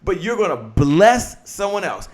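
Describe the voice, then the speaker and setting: Energetic man hosting a live motivational show. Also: high-pitched, a little slow. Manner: energetic, preacher-like call-and-response. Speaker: host. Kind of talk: live-stream motivational talk.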